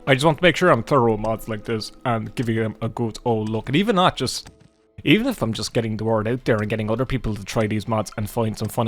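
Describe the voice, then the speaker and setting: Rambling Irish man gaming. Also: lowish voice. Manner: rambling, chatty, swears casually. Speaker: gaming YouTuber. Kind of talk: casual let's-play commentary.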